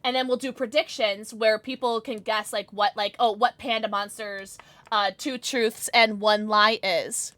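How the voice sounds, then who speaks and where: A woman's voice: fairly high pitch, steady tone, fairly bright tone. Bubbly, giggly woman streamer. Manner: bubbly, giggly, greets chatters rapidly. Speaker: Twitch streamer. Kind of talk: casual live-stream chat.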